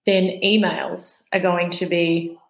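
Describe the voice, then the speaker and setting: Low-voiced woman explaining patiently. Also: flat delivery, slow, vocal fry, echoey room, poor audio. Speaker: podcast guest, vagus nerve educator. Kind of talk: explaining in a podcast conversation.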